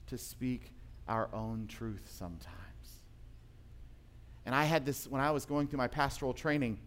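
A male pastor preaching a sermon in a church, moving from emphatic points to quiet, intimate storytelling. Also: mid-range voice.

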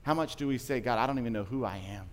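A pastor with a medium-pitched voice and a quick pace preaches a sermon, telling stories conversationally before rising to emphatic passages.

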